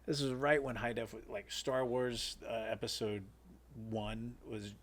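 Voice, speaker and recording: A man's voice: mid-range voice, measured pace, fairly bright tone, a little hiss or hum. A man, a filmmaker, telling rambling behind-the-scenes stories in a casual interview. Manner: rambling anecdotes with many fillers and restarts. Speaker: guest filmmaker.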